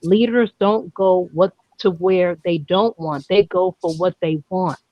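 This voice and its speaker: A woman's voice: fairly low pitch, unhurried, no room sound. Emphatic New York woman, lo-fi. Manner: emphatic, repeats words when excited. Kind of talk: casual chat. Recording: dull lo-fi sound.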